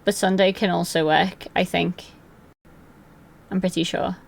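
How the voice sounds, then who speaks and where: A woman's voice: on the low side, fairly even intonation, unhurried, creaky. A young woman streaming live from her room at home, chatting loosely and answering her chat by name.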